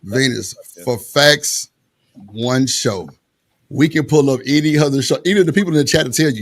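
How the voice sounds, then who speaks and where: A man's voice: fairly high pitch, moderate pace. A man on a live stream, defending himself in casual slangy group banter and laughing often. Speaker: streamer and guest.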